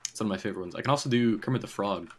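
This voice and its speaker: A man's voice: on the low side, rapid-fire. A man chatting casually on a game stream, rambling between puzzles and laughing often. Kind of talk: casual gaming stream chat.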